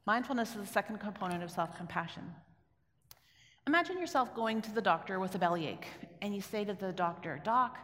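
A woman's voice: mid-range voice, animated, brisk, a bit bright. A middle-aged woman from Canada telling a personal story to an audience in a conversational way, often asking them questions. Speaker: speaker giving a talk. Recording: echoey hall with long reverb.

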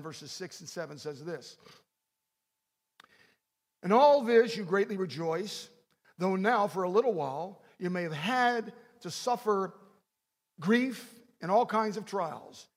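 A man preaching a sermon, animated, acting out prayers and swinging between loud and soft delivery. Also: high-pitched, unhurried. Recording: long hall reverb.

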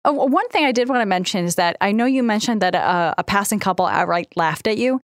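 A woman's voice: medium pitch, expressive, quick pace, dry recording, clean studio sound. A woman co-hosting a podcast, chatting casually and frankly, swearing and laughing often. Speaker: podcast co-host. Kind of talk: casual chat.

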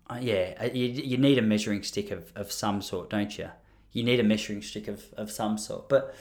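A man riffing in a loose comedic monologue. He rambles with a self-deprecating tone, often trailing off and starting sentences again. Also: mid-range voice.

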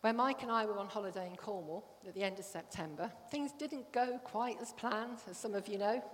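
A woman's voice: mid-range voice, fairly quick. A middle-aged woman giving a sermon, telling a personal story in an earnest way. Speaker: church speaker. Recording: long hall reverb.

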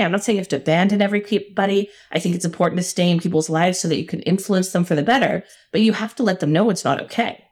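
A middle-aged woman with a slightly low voice tells a personal story as an interview guest. She speaks earnestly and stresses her points hard. She often breaks into a laugh. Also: fast, few pauses, a little mellow. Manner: earnest and emphatic, with frequent laughs. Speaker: podcast guest.

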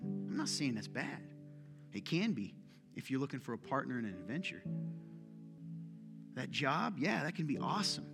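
A man's voice: mid-range voice, big pitch swings, moderate pace, creaky, pauses often, music in the background. A man preaching a sermon to a congregation, talking casually, cracking jokes and firing pointed questions at the room. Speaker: pastor. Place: large church hall.

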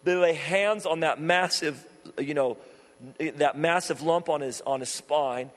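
A man's voice: a little high, measured pace. A man preaching a sermon, telling stories fervently and emphatically, often repeating his phrases. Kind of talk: sermon with storytelling. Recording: long hall reverb.

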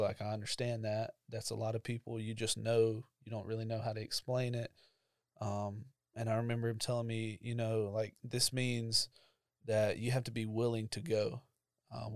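A man's voice: on the low side, no room sound, clean studio sound. Young man telling his story. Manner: conversational storytelling with frequent fillers, emotional. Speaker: church ministry staff member. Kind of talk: casual personal testimony.

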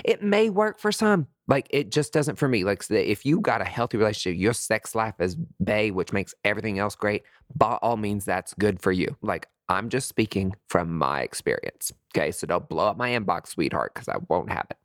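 A man talking candidly to his viewers in a sassy, animated way, full of swearing and pet names, with sudden high squeals of disgust. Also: a little fast, few pauses, dry recording, clean studio sound. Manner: very expressive pitch swings, high squeals of disgust. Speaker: vlogger sharing dating opinions.

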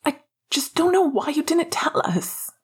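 A woman voicing a hotheaded teenage boy wizard in a fan fiction audiobook reading, sharp and heated. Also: high-pitched, very animated, unhurried, voice pushed up. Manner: sharp, heated, rising to raised voice.

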